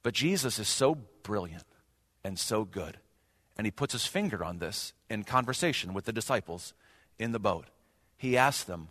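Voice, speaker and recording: A man's voice: fairly low pitch, expressive, moderate pace, a bit bright. A male pastor preaching a sermon earnestly, with rhetorical questions and rising emphasis. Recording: long hall reverb.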